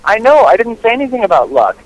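A young man with a high, lively voice that leaps up and down as he rambles in confusion. He talks over a phone call, sounding puzzled by the voices around him. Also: quick pace. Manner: confused and rambling, jumps in pitch. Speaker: prank call recipient.

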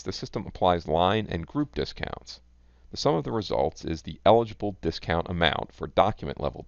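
A man giving scripted narration for a software product demo, measured and even. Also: low voice, creaky, dry recording. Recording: dull, lo-fi dry voice-over.

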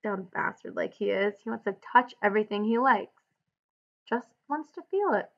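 A woman reading aloud the lines of a blunt, weary ranch-hand man who protects his friend, in a rough, plain-spoken way. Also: medium pitch, expressive, normal speed, dull audio. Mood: telling.

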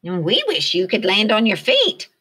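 Woman voicing a high, earnest little bird. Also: huge pitch swings, normal speed, bright, forceful tone, breathy edge, heavily acted. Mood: thoughtful. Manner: earnest and wondering. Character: young bird, thoughtful and earnest.

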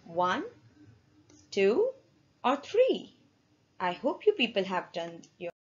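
Slow-speaking woman teacher quizzing pupils. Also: medium pitch, huge pitch swings, a little mellow, husky. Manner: slow, deliberate, quizzing pupils with repeated questions. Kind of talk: classroom lesson for children. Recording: dull lo-fi recording.

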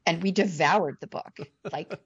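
A woman guest on a podcast, telling her story in a casual, animated and excited way. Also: fairly low pitch, measured pace, breathy edge. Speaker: podcast guest, temari artist. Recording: slightly muffled podcast audio.

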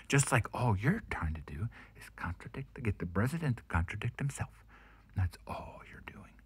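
A man ranting to camera in a heated, profane vlog, often dropping into a hushed half-whisper. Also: medium pitch, husky, no room sound. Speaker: vlogger. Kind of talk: casual profane rant to camera.

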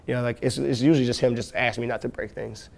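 Fast-talking gravelly man. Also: mid-range voice, steady tone, darkish tone. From west side of Chicago. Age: late 20s. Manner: loose, profane, laughing often, full of "like" and "you know". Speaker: rapper and producer, interview guest. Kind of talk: casual storytelling interview.

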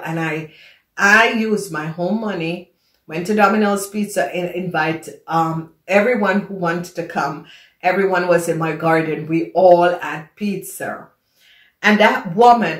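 Emphatic woman. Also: lowish voice. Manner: emphatic, repeats phrases for stress. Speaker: tarot reader. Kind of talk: casual storytelling monologue. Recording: echoey room.

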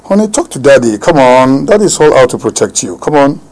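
An actor playing a middle-aged father who gently coaxes his upset daughter, in a film drama. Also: lively intonation, fairly quick, husky. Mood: coaxing. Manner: coaxing, low and soft.

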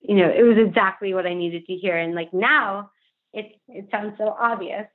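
A woman's voice: mid-range voice, moderate pace. Earnest young woman on a phone line. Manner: earnest, heartfelt, frequent "like" fillers. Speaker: podcast guest, author. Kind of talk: candid interview conversation. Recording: phone-line remote call.

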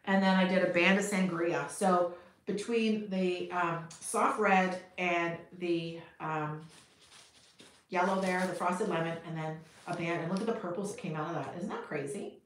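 A woman's voice: lowish voice, steady tone, moderate pace. Canadian woman chatting live from her studio, upbeat and laughing a lot, roomy echo. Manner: chatty and upbeat, laughs often, talks to viewers in the chat. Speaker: potter streaming live. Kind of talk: casual livestream chat. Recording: echoey room with faint noise.

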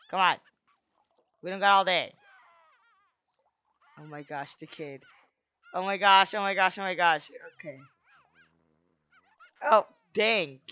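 Excitable bright-voiced game commentator. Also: medium pitch. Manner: excitable, bursts into squealing shouts; goofy mild exclamations. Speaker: let's play host. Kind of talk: casual gameplay commentary.

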